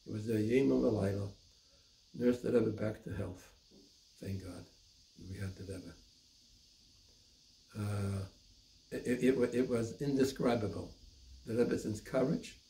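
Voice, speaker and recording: Gravelly older man recalling memories haltingly. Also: medium pitch, mellow, reverberant, poor audio. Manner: halting, repeats words while searching for them. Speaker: rabbi. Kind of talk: recounting personal memories.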